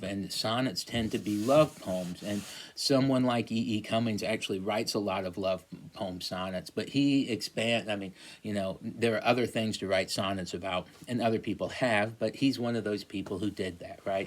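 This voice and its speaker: A man's voice: on the low side, rough recording. A man in his forties giving a casual recorded lecture on poetry, thinking aloud with many fillers and checking in with "right?". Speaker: teacher.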